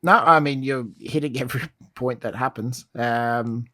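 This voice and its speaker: A man's voice: medium pitch, unhurried, bright, forceful tone, dry recording, studio quality. A man co-hosting a podcast in casual chat, mostly adding short, laid-back remarks. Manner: brief agreeing replies, laid-back. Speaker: podcast co-host.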